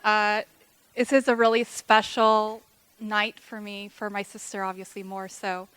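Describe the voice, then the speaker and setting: A woman's voice: mid-range voice, little pitch movement, measured pace, fairly bright tone, clean tone, dry recording. A woman giving an emotional, chatty wedding toast for her sister, close to tears and acting out remembered dialogue. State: tearful.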